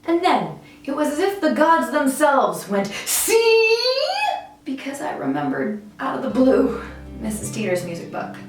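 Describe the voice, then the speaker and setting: Woman vlogger, animated and candid, swears casually; fairly high, very lively voice, echoey room, mic set back. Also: normal speed. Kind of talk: personal storytelling vlog. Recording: very echoey room, mic far off, faint music.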